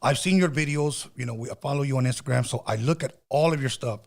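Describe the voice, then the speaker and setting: A middle-aged man hosting a podcast, telling stories in a loose, animated way with slang and cursing. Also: medium pitch, fast, gravelly. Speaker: podcast host. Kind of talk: casual storytelling chat.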